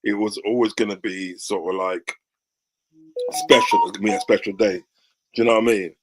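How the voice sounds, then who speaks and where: A man's voice: lowish voice, fairly even intonation, fairly quick, loud music behind the voice. A man in casual football chat, enthusiastic and often asking "do you know what I mean".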